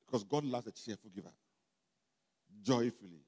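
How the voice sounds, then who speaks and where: A man's voice: fairly low pitch, lively intonation, normal speed, mellow. A man with a Ghanaian accent preaching a sermon in a church hall, emphatic and full of call-and-response questions to the congregation. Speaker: pastor. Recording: long hall reverb, faint music behind.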